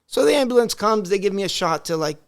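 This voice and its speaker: Brief: man, high voice, animated storyteller on a podcast. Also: fast, smooth. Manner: animated, acts out family dialogue. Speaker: podcast guest. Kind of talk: casual storytelling.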